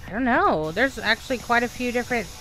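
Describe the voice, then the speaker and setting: A woman's voice: on the high side, animated, fast talker, bright, forceful tone. A woman in her thirties from Texas with a Southern American accent, chatting through gameplay and talking to herself. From Texas, USA. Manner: chatty, exclaiming, talks to herself. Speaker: gaming streamer. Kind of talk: live gameplay commentary.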